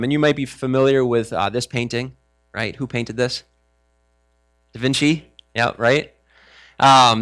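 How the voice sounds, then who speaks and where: Man, pastor, conversational sermon, reads scripture, mid pitch. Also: pushed and bright. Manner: conversational, acts out disciples' voices; frequent fillers and restarts.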